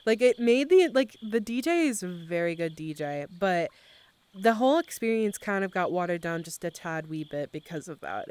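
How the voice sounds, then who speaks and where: A woman's voice: mid-range voice, expressive, moderate pace, clean tone, no echo. A young adult woman chatting casually on a live stream, telling a story with lots of filler words and swearing. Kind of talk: casual chat.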